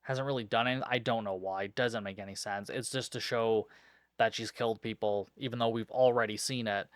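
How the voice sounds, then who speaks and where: Talking briskly in a lowish, steady voice, a podcast host runs through a film with sarcasm, exasperation and constant swearing. The casual recap is recorded in a studio with no echo.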